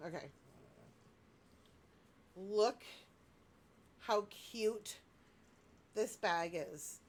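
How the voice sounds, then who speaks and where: Excitable woman vlogger in her thirties, gushing, rambling casual talk to her viewers. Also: medium pitch. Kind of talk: casual unboxing chat.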